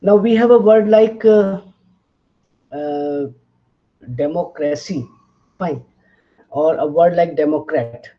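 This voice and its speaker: A man teaching a linguistics lecture, spelling out letters and checking in with "fine" as he moves through examples. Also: fairly high pitch. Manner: slow, deliberate, spells out letters, frequent "fine" and "uh". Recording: slightly dull, lo-fi audio.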